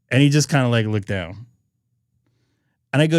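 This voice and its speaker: A man's voice: mid-range voice, lively intonation, normal speed, pauses often, dry recording, clean studio sound. A man hosting a ham radio live stream, talking casually and rambling with frequent fillers and restarts.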